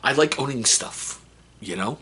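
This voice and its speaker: A man's voice: mid-range voice, animated, unhurried, pushed and bright, husky. A middle-aged man vlogging casually about family life, rambling and self-mocking, often restarting his sentences. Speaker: vlogger, stepfather. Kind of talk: casual talk to camera.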